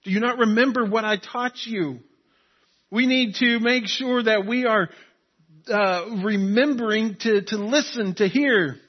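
A man with a high voice preaches to his congregation, earnest and insistent, circling back to the same phrases to drive them home. The recording sounds dull and lo-fi. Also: a little slow. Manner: earnest, repeats key phrases for emphasis. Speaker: pastor. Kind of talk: sermon.

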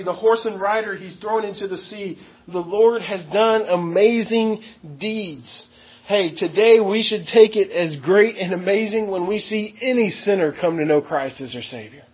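A man preaching a verse-by-verse sermon, stressing key words and slowing down to read scripture aloud. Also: high-pitched, husky, muffled recording. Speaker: pastor.

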